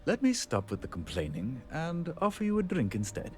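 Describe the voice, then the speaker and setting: A man's voice: a little high, huge pitch swings, normal speed, darkish tone, slight background noise. A wry, punning handyman. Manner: wry and rambling, laughs at himself. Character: weary, punning, self-deprecating male station handyman. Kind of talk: video game dialogue.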